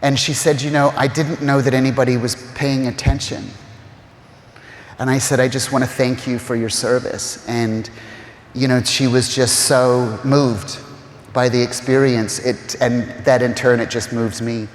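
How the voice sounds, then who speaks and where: A man telling personal stories in an emotional, conversational way, often pausing with "you know" and close to tears at times. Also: mid-range voice, little pitch movement. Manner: heartfelt, choked up at times, many "you know" fillers. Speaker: interview guest, real estate agent. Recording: roomy reverberant hall.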